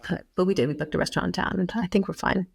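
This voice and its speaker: A woman's voice: fairly low pitch, steady tone, very fast, creaky, breathy edge. An American woman in her thirties co-hosting a podcast, chatting casually with many fillers and frequent laughs. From United States. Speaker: podcast co-host. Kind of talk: casual chat.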